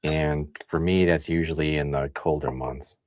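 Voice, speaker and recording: A man from the Midwest hosting a casual livestream, chatting and thinking out loud as he reads comments. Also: extremely low pitch, fairly even intonation, normal speed, slight background noise. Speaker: livestream host. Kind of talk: casual tasting livestream chat.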